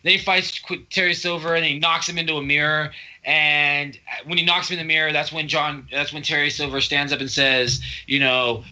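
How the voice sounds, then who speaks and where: A man's voice: fairly high pitch, brisk, pushed and bright, rough recording. A man co-hosting a podcast, retelling a movie plot in rambling, profane casual chat. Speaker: podcast co-host.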